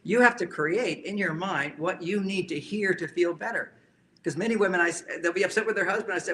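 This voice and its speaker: A man's voice: fairly high pitch, fast talker, creaky, a bit bright. A man speaking as a relationship counselor, giving an emphatic talk to a live audience and often repeating key phrases.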